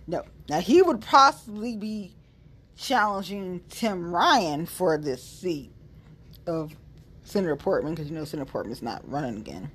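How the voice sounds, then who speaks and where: A political commentator, this woman speaks straight to her followers in a casual, unscripted monologue about local politics that's sassy and profane. Her voice is fairly low and slightly rough.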